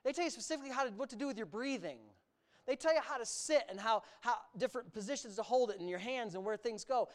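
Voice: medium pitch, fast talker. A preacher from the United States delivering a sermon, talking emphatically, stretching words for emphasis and adding sarcastic asides.

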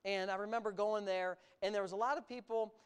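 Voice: mid-range voice, fairly even intonation, a little fast, smooth. A preacher from the United States delivering a sermon, talking emphatically, stretching words for emphasis and adding sarcastic asides.

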